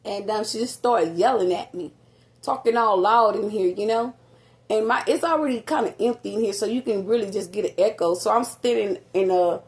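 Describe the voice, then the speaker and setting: Rambling woman telling a home story. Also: medium pitch. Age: adult with a grown son. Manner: rambling, animated retelling with many fillers. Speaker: vlogger. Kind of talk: casual storytelling to viewers. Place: nearly empty apartment with some echo.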